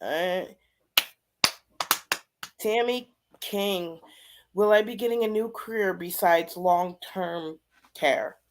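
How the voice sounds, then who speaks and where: A woman co-hosting over a video call, reading out viewer questions in a quick, offhand, casual way. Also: lowish voice, slight background noise. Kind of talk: casual chat. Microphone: video call microphone.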